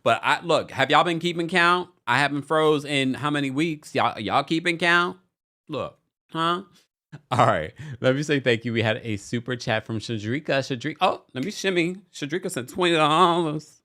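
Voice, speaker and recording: A man's voice: fairly high pitch, expressive, moderate pace, pushed and bright. A man hosts a casual livestream. His voice rises and falls a lot as he reads viewer comments in a playful way. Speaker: host of a live recap show.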